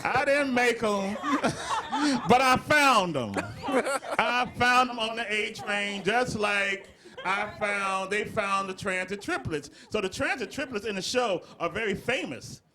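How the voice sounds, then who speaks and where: A man's voice: high voice, slow, crowd noise. A middle-aged man from the Southern United States, a comedy writer chatting in an interview and telling stories with frequent laughter. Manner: laughing storyteller, breaks into laughter. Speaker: comedy writer and show creator. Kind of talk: casual interview chat.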